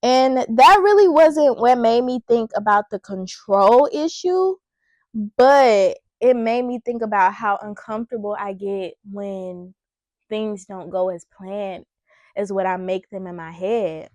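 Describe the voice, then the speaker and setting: A woman's voice: medium pitch, a little slow, a little mellow, no echo. A young woman vlogger chatting casually and reflecting on herself, using casual slang and sounding slightly out of breath. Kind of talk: casual chat while styling her hair.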